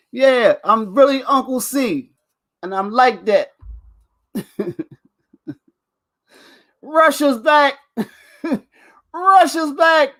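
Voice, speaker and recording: A man's voice: extremely high pitch, bright, forceful tone. A man hosting a casual chat show, boastful and playful, laughing often and repeating his catchphrases. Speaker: show host.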